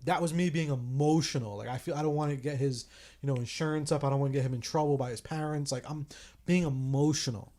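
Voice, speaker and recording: A man's voice: fairly high pitch, steady tone, fast talker, warm tone. Man, thirties, podcast host, casual chat, candid, reflective, swears freely. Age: 30s.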